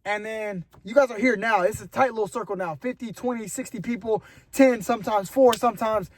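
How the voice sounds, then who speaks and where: A man's voice: high-pitched, a little fast, a little hiss or hum. A young man vlogging casually to the camera, earnest and rambling, giving motivational talk and calling his viewers "bro". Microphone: camera mic.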